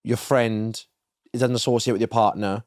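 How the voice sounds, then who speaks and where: A man's voice: on the low side, fairly even intonation, moderate pace, darkish tone, dry recording, clean studio sound. A young man co-hosting a podcast in casual chat, rambling and restarting his sentences. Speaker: podcast co-host.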